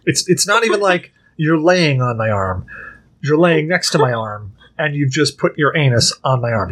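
Podcast host guy, kinda husky voice, joking around, voice jumps all over. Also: a little high, moderate pace. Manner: animated, joking storyteller. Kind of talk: casual chat.

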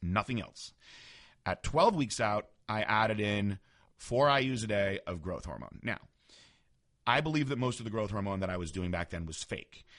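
A man's voice: lowish voice, lively intonation, normal speed, fairly bright tone. Frank man telling a story. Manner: candid, frank, conversational. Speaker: former bodybuilder. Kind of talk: casual storytelling monologue.

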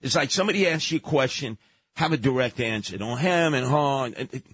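A man's voice: medium pitch, expressive, brisk, fairly bright tone, breathy edge, dry recording. A man hosting a radio talk show, telling stories and giving blunt, emphatic advice at a studio microphone.

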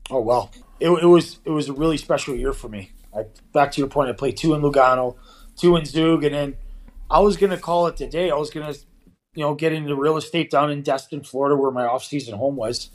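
A man in his forties tells stories from his hockey career, slipping into quoted dialogue. He speaks casually, with lots of "you know", and his voice sits a little high. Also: brisk, low-quality recording. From Canada. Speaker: former pro hockey player, guest. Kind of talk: casual storytelling interview.

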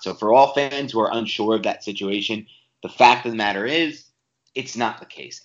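A man co-hosting a casual sports podcast, talking emphatically and restarting his sentences often. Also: lowish voice. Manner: animated, emphatic, with frequent restarts. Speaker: podcast co-host. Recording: roomy, slightly dull home podcast audio.

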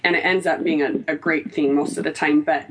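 A woman in casual group conversation, loud and animated, laughing as she talks. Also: low voice, a little fast, background noise.

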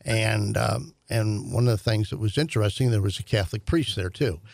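An older man recounts a family memory in a gravelly, fry-laden voice, pausing often on fillers and restarts. The sound is dry and close, with no room around him. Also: on the low side, a little mellow, dry recording. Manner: halting, many fillers and restarts. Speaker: guest, host's father. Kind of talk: conversational storytelling.

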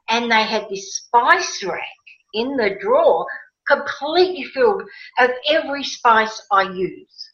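A woman telling a personal story in a casual interview, animated and emotional, acting out her own past words. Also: fairly high pitch, unhurried. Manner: animated, emotional, quotes herself with rising excitement. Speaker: guest. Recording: roomy, slightly dull sound.

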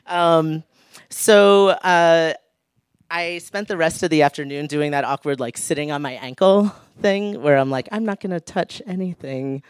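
A man's voice: on the high side, measured pace, clean tone, dry recording, clean studio sound. A man telling a humorous personal story on stage, laughing often and acting out the people he quotes. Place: live stage show.

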